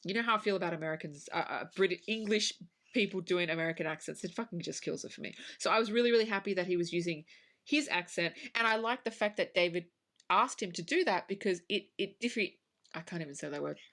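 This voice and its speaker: A woman's voice: lowish voice, fast, a bit bright. A woman co-hosting a podcast, chatting casually about a film, swearing and acting out her own reactions. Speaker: podcast co-host. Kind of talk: casual film review chat.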